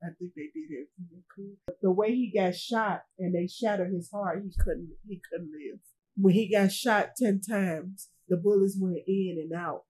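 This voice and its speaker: A woman being interviewed as a grieving mother, speaking in a halting way, repeating herself and quoting others, with speech. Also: mid-range voice, dark tone, slightly rough, poor audio. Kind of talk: emotional personal testimony.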